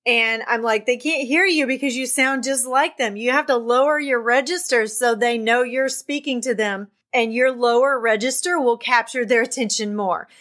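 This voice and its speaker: A woman's voice: a little high, moderate pace, hardly any pauses, fairly bright tone. A middle-aged woman hosting a podcast, giving an enthusiastic, faith-filled pep talk to her listeners. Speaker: podcast host. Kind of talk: excited podcast monologue.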